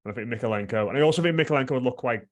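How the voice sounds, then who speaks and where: A man's voice: mid-range voice, very fast. A man in casual podcast chat, hesitant and full of "like" as a panelist. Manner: hesitant, heavy use of "like".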